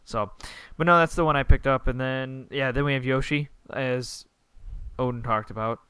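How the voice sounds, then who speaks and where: A young man chatting on a gaming podcast over a call, eager and emphatic, and given to rambling. His voice is smooth and clean. The sound is dry and close. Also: mid-range voice, normal speed, fairly bright tone, dry recording. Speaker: podcast co-host. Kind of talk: casual gaming podcast chat.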